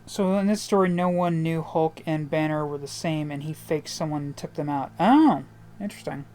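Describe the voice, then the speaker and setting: Woman, streamer, casual gameplay chat, joking, somewhat low pitch. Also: normal speed, mellow. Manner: chatty, joking, reacting to the game and chat.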